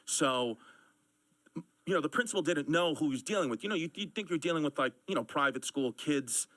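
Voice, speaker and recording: A man telling a story casually on a talk show, animated and acting out the lines he quotes. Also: on the high side, a little fast, no room sound, low-quality recording. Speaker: guest storyteller.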